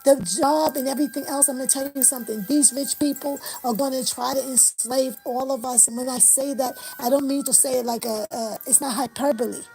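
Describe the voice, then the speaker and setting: Woman, 50s, livestream host, high pitch, fervent affirmation-heavy delivery, faint music behind. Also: fairly even intonation, a little fast, creaky, few pauses, warm tone, rough recording. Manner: impassioned, preacher-like cadence with repeated affirmations. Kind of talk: motivational livestream talk.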